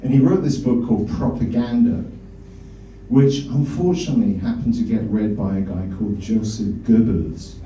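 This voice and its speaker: A man's voice: lowish voice, moderate pace, dark tone, a little hiss or hum. A male stand-up comedian in a comedy club, rambling and teasing the audience. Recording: echoey club from a distance.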